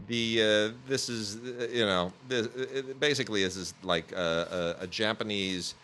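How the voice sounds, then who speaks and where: Male podcast host, low-ish but bright voice, casual rambling review chat, faint hiss behind. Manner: rambling, many fillers and restarts. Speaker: podcast host reviewing home video releases.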